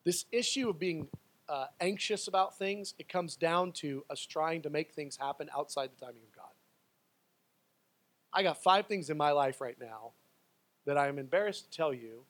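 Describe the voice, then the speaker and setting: A male pastor with a high-pitched voice delivers a sermon. He pushes into loud, pleading stretches, then drops to quiet, personal asides.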